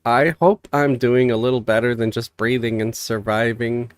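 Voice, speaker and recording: A man's voice: medium pitch, normal speed, clean tone, dry recording. A man streaming a game live, chatting casually and reading viewer messages aloud, a bit stuffy from a cold. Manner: relaxed, rambling, reads chat aloud.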